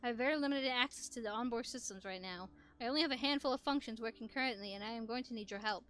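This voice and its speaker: A woman voicing a calm, kind male robot father figure in a game, speaking slowly and gently. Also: a little high, close to an everyday voice.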